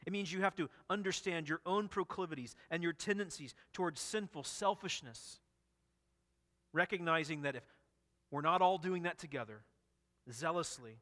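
A man's voice: fairly high pitch, fairly bright tone, in a large hall. A man preaching an expository sermon, earnest and emphatic, often repeating and restarting phrases. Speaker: pastor.

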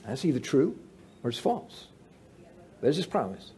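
A male pastor preaching a sermon, swinging between loud emphasis and hushed asides. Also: medium pitch, sing-song, measured pace, long pauses, husky.

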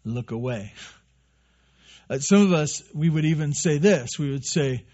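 Earnest preacher man, husky voice. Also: on the high side, lively intonation, unhurried, long pauses, mellow, dull audio. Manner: earnest, repeats phrases, acts out quoted listeners. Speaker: pastor. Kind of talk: sermon.

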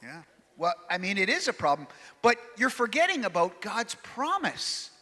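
A man plays a courtly shopkeeper from another age who speaks in quaint formal phrases. His voice sits high and bright and swings widely. The sound rings out in a large reverberant hall. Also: very animated, moderate pace, exaggerated voice. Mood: reassuring. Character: courtly old-world male shopkeeper, puzzled by modern things. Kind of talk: live church camp skit.

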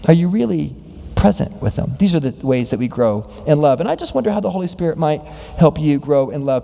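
A man preaching a sermon, asking many rhetorical questions and acting out quoted voices with big pitch jumps. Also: creaky, dark tone. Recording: long hall reverb.

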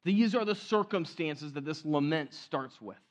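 A man preaching a sermon in a conversational way, often restarting phrases and dropping to a hushed voice for emphasis, in a church. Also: on the high side, lively intonation, unhurried. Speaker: pastor.

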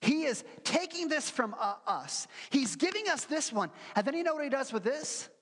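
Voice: high-pitched, sing-song, moderate pace, fairly bright tone. A pastor preaching a sermon in a church, earnest and teaching, with rhetorical questions and acted-out quotes. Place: church sanctuary. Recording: long hall reverb.

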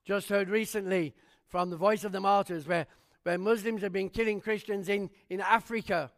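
A man preaching a sermon, telling his own testimony with animated storytelling and fervent rhetorical questions. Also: high voice, normal speed.

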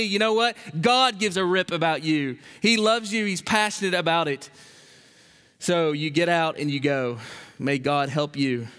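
A man preaching a sermon as a pastor, impassioned, swinging between loud exhortation and quiet emphasis. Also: high voice, a little slow, clean tone. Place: church sanctuary. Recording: long hall reverb.

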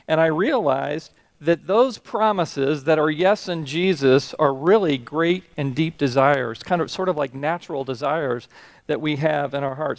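A middle-aged man with a slightly higher voice delivers a relaxed, self-deprecating sermon, slipping into lively voices for his stories. The sound is dry and close. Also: no room sound. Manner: conversational, self-deprecating, animated storytelling voices. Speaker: pastor. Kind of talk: sermon with humorous anecdotes.

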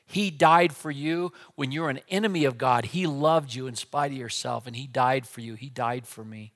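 A man preaching a sermon with dynamic delivery, dropping to a hush and then rising to loud, emphatic lines. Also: medium pitch, normal speed.

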